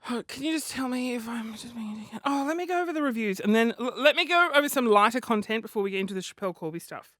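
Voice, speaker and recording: A man's voice: very high voice, expressive, very fast, pushed and bright, no echo, clean studio sound. A young man hosting a comedy podcast, chatty, camp and self-deprecating. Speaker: podcast host.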